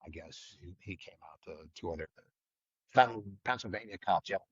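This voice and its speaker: A middle-aged man, a retired trooper, telling a story in a blunt, vivid way, loudly acting out the lines of the people he quotes. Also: lowish voice, brisk, slightly rough, no echo, dull audio. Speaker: retired state trooper guest. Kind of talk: casual storytelling in a podcast interview.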